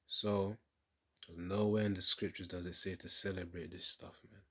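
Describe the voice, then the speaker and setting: A man's voice: low-pitched, flat delivery, normal speed, background noise. A man giving casual religious reaction commentary in a preachy way, often tacking on "man" and laughing.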